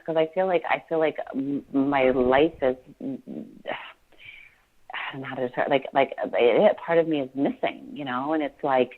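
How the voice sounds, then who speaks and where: A woman in her forties speaks in a low register, halting and circling back on her words with constant fillers. Her voice comes through a tinny, phone-like line. She is a guest sharing something personal in an interview. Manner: halting, many restarts and fillers. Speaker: podcast guest. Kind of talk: emotional interview.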